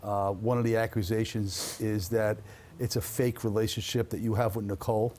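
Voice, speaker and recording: Brief: male interviewer, calm and deliberate, somewhat low voice. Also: a little hiss or hum. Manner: measured, lists accusations, hesitant fillers. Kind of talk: sit-down interview.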